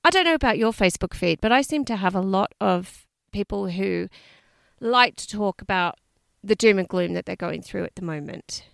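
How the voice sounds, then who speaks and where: A woman's voice: medium pitch, lively intonation, moderate pace, vocal fry, clean tone, no echo, clean studio sound. An Australian woman co-hosting a podcast in casual chat, chatty and laughing often, swearing freely. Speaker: podcast co-host.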